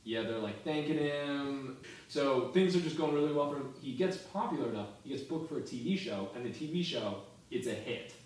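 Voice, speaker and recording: A man co-hosting a comedy podcast, pitching a sketch in loose storytelling and laughing often. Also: expressive, a little fast. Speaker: podcast co-host. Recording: echoey room, mic far off.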